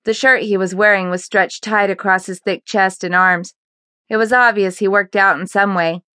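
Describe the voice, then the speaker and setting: Smooth-voiced woman narrating an audiobook. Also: mid-range voice, fairly even intonation, normal speed, pushed and bright, no echo, clean studio sound.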